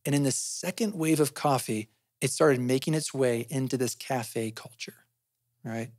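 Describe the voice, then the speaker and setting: A man's voice: mid-range voice, measured pace, darkish tone, no echo, clean studio sound. A man hosting a podcast, explaining things in a conversational way and often asking himself questions, then answering them. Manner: often adds "right?" as a tag. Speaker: podcast host.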